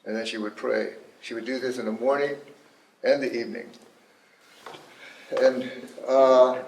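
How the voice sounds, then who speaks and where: An older man in his seventies, a tribal elder, speaks at a middle pitch in an unhurried, plain-spoken way, often pausing on small fillers. His voice rings through a large, echoing room, with a faint hum of ambience behind him. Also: level tone. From Northern California. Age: 70s. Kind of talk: personal testimony talk.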